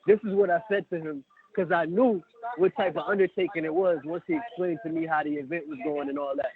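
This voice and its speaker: A man who is a guest on a podcast, telling stories in casual chat and acting out quotes with lively energy. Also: fairly high pitch, fast, a crowd in the background. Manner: animated storyteller, acts out quotes. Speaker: guest, battle rap event host. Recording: tinny phone-like line.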